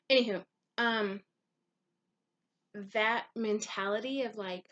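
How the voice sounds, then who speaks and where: A woman's voice: mid-range voice, a little slow, pauses often. Candid rambling woman vlogging. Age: adult mother of young children. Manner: candid, rambling, with frequent ums and casual swearing. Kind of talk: confessional vlog monologue.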